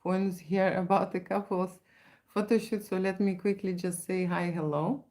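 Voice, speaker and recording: A woman's voice: mid-range voice, little pitch movement, moderate pace, mellow. A woman from Lithuania with a Lithuanian accent, hosting a casual live-stream Q&A as a photographer, rambling and restarting with frequent "right?" tags. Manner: rambling, many restarts and tag questions.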